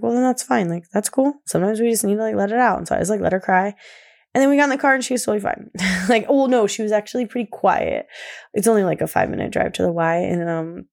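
Gravelly rambling young mom. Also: female voice, on the low side, a little mellow. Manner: rambling, many fillers and laughs. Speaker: podcast host, mother. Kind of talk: casual personal talk.

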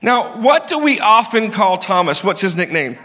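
A male pastor preaching a conversational, animated sermon and acting out the people in the story. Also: high voice, moderate pace. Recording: long reverb of a large hall.

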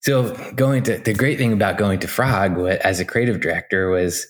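A man's voice: low-pitched, moderate pace. A man in his forties, a guest in an interview, telling stories about his design career in a chatty, anecdotal way, full of fillers and restarts. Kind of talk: casual storytelling interview.

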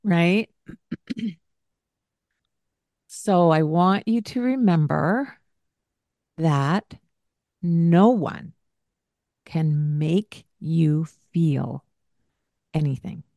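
Slow soft-spoken older woman. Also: on the low side, dry recording. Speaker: parenting podcast host. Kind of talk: gentle coaching talk.

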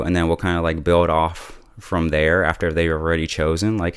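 A man casually recapping and reviewing a TV episode in a relaxed, chatty way, laughing often and filling his talk with "like". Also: low voice, moderate pace, clear, resonant tone, no echo, clean studio sound. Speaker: TV show reviewer.

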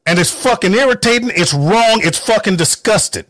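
A man with a high, swooping voice rants in anger, swearing hard and driving every point home with heated emphasis. The recording is dry and close, with no room sound. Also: lively intonation, moderate pace, few pauses, a bit bright, no echo. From North Carolina, US. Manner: mocking quoted voices. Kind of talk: angry political rant.

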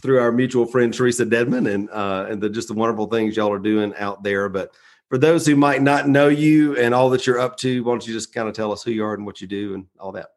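A man's voice: lowish voice, brisk. A man with a Southern US accent hosting a podcast in a friendly, chatty way, with many fillers. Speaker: podcast host. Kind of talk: casual podcast interview.

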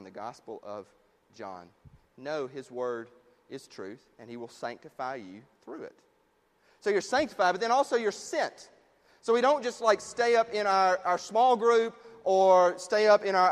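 A man preaching a sermon in a conversational way, dropping low and quiet on his key points. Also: big-room sound. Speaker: pastor.

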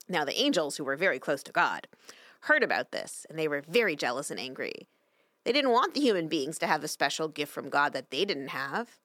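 A middle-aged woman rabbi giving a sermon in a synagogue, telling a story with lively voices for its characters. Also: low voice, brisk, dry recording, clean studio sound. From Canada. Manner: storytelling, expressive voices for quoted angels. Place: synagogue sanctuary.

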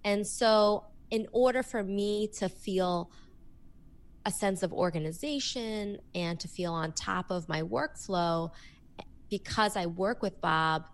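An expressive woman coach talks through workplace advice in an interview, her voice sitting at a medium pitch. She is animated and lively, often acting out little scenes to make her point. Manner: animated and expressive, acts out examples. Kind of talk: podcast interview.

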